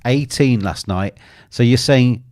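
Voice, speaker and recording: A man's voice: medium pitch, slow, darkish tone, dry recording, studio quality. A man hosting a live football betting show, commenting on a match and teasing his co-host while reading viewer comments aloud.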